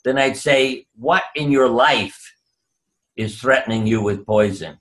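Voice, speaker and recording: A man's voice: medium pitch, a bit bright. An older man, a doctor, telling anecdotes in an interview over a video call. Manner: anecdotal, unhurried, drops voice for quoted lines. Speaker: guest, doctor. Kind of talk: storytelling interview.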